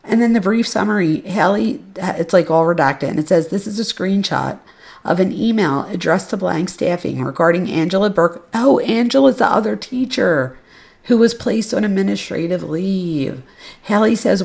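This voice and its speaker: A woman's voice: on the low side, normal speed, creaky. A woman hosting a podcast, reading case records and message exchanges aloud with casual, blunt asides. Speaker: podcast host.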